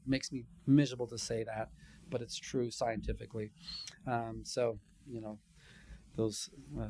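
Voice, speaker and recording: A man, a psychologist, giving a conference training session in a conversational, animated way, acting out quotes from his patients. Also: medium pitch, moderate pace, vocal fry, slight background noise. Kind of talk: conference lecture.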